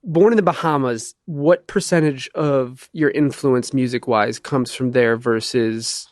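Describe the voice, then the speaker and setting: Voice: mid-range voice, a little slow, dry recording, studio quality. A podcast host with a Midwestern American accent, asking questions in an easygoing, laughing manner. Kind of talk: casual interview chat.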